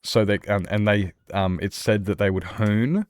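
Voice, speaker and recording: Chatty Australian streamer, male, lowish voice, dry close sound, rambles and laughs easily while he plays. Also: fairly even intonation, normal speed, a little mellow, clean tone, no room sound. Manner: rambling and chatty, laughs often, many restarts. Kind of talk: casual chat with viewers while playing a survival game.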